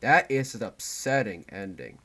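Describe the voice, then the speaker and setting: A man's voice: mid-range voice, huge pitch swings, slow, pushed and bright. A man playing a horror game, reading its story text aloud earnestly and breaking into startled exclamations. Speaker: gaming video creator.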